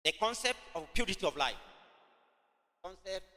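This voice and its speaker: A man with a Kenyan accent preaching at a youth camp, slowly dictating points and repeating phrases, slipping into Swahili. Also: high-pitched, big pitch swings, pushed and bright, in a large hall. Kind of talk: teaching sermon dictated as notes.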